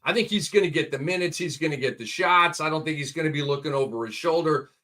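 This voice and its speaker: A man co-hosting a casual sports podcast, excitedly rattling off stat lines. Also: fairly high pitch, fast. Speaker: co-host. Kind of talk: casual fantasy basketball podcast chat.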